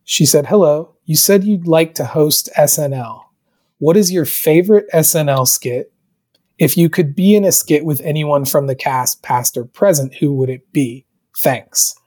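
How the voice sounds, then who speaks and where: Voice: medium pitch, a little slow, warm tone, breathy edge. A co-host in casual chat, reading out listener questions and hesitating with fillers.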